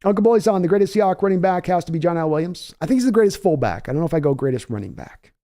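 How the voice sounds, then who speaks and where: A man hosting a live football stream in a casual, chatty way, answering viewers by name and thinking his analysis out loud. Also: high voice, lively intonation. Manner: measured, thinking-aloud analysis with restarts. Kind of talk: casual live-stream football talk, reading chat aloud.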